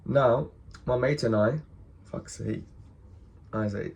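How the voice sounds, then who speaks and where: A man's voice: mid-range voice, slow, vocal fry. Hungover guy telling a story to the camera, swears a lot, acts out what everyone said, regular mid voice. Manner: swears a lot, animated, acts out other people's lines. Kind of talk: casual storytelling monologue.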